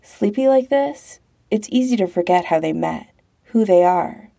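A woman narrating a romance story as an audiobook in a calm, measured way. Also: medium pitch, creaky.

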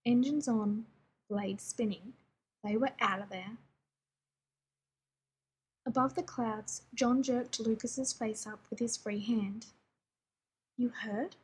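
A woman with a noticeably breathy, husky voice pitched somewhat high reads a story aloud. Her delivery is wry and even, with dry asides. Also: slow pace, long pauses, rough recording. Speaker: reader. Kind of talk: story reading.

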